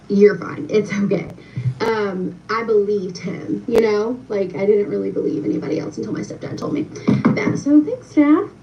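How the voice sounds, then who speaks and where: A woman's voice: medium pitch, vocal fry. A young woman casually telling a personal story to her viewers, chatty and full of fillers, talking straight to them. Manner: chatty, many fillers, addresses viewers directly. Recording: distant, muffled with faint noise.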